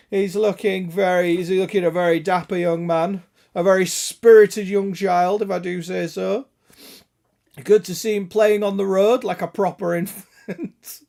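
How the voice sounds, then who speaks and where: Male streamer, raspy sick throat, a touch high-pitched, gravelly, jokey chat with viewers. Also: a little mellow. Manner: joking, sweary banter greeting chat viewers. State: hoarse, raspy throat from illness. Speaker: game streamer. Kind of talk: casual live-stream chat.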